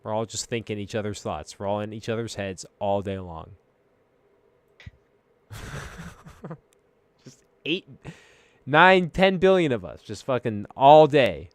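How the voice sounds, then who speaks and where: A man chatting casually as host, rambling and swearing as he muses, drifting between mumbles and loud rants. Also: on the low side, lively intonation, a little slow, long pauses, clean tone. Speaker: streamer host. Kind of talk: casual stoned-sounding philosophical chat.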